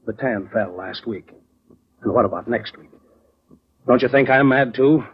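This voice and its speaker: An actor playing Mr. Evans, a principled insurance company owner who lectures sternly and sarcastically in a 1940s radio drama. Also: male voice, mid-range voice, moderate pace, slightly rough. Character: Mr. Evans, a gruff, principled male boss. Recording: dull lo-fi old radio recording.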